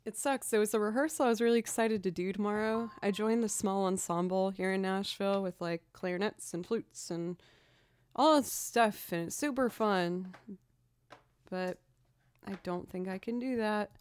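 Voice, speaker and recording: A woman's voice: mid-range voice, normal speed, a little mellow, clear, resonant tone. A woman from the Boston area with a Boston accent, chatting casually and giggling on a livestream while sick with a lingering cold. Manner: chatty, giggly and self-mocking. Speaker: livestreaming violinist and singer. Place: home.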